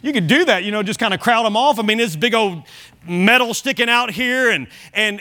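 Bright high-voiced preacher. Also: male voice, normal speed. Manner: emphatic preaching with repeated restarts and soft asides. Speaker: pastor. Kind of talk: evening sermon. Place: church service.

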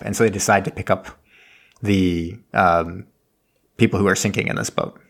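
A man's voice: on the low side, normal speed, fairly bright tone. Man, podcast co-host, casual movie recap, rambling, laughing, frequent restarts, home call setup.

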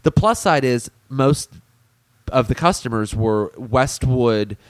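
A man co-hosts a casual podcast, spinning a long, profanity-laced story about his old job. His voice sits at an ordinary middle pitch. The recording is dry and close, with no room sound. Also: lively intonation, slow pace, no echo. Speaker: podcast co-host.

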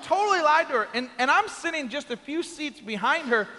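A man preaches in a big church hall, spinning a comic story and acting out every quoted voice. His voice sits very high and sounds bright and forceful. A long reverb trails behind his words. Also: expressive, fairly quick, some chatter behind. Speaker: pastor. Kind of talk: sermon storytelling.

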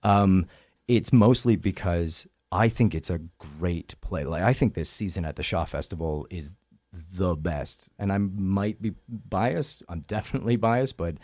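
A man with a Canadian accent, a stage actor chatting in an interview with animated, self-deprecating humor. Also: low voice, a little slow, no room sound. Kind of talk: interview chat.

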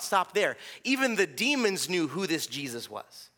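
Bright, high-voiced male pastor preaching. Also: big pitch swings, normal speed, few pauses. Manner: conversational preaching with restarts and "right?" asides. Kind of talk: sermon.

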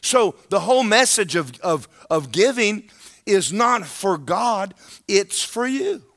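A man preaching a sermon in an animated, conversational way, speaking emphatically and often checking in with his listeners. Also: high voice, takes it slowly.

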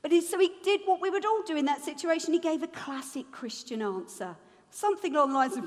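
High-voiced woman preaching. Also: a little fast, big-room sound. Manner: lively, humorous, acts out voices. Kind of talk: sermon.

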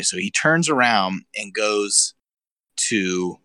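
A man's voice: on the low side, normal speed, bright, forceful tone, dry recording. A man co-hosting a podcast, telling crude, swear-laden stories in casual chat and laughing often. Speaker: podcast co-host.

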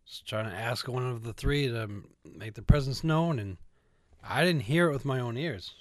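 A podcast co-host chatting casually, relaxed, with quick bursts when recounting events. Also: medium pitch, no echo, studio quality. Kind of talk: casual chat.

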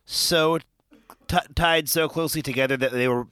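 A man with a slightly raised, smooth voice muses out loud, floating theories and questions as he goes. He sits close to the mic in a dry, dead-sounding space. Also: a little high, steady tone, normal speed, no room sound. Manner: speculative, thinks aloud with questions. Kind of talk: casual fan discussion.

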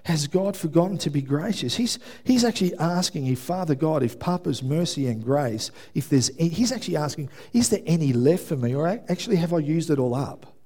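A man preaching a sermon in a church, telling lively stories and acting out quotes with self-mocking asides. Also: a little high, fairly quick, hardly any pauses. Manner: animated storytelling, acts out shouted quotes, self-deprecating asides. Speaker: pastor. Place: church hall with congregation.

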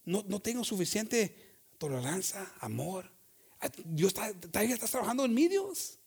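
A man's voice: sits high, big pitch swings, vocal fry, husky. A male pastor preaching a bilingual sermon, switching languages and repeatedly addressing the congregation as brothers. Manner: switches between English and Spanish, often calls out "hermanos"; reads scripture slowly and deliberately.

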